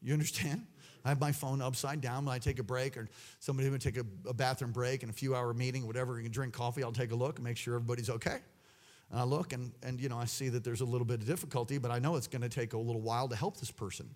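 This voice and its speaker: A man preaching a sermon, swinging between loud exclamations and hushed asides. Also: medium pitch, steady tone, rapid-fire.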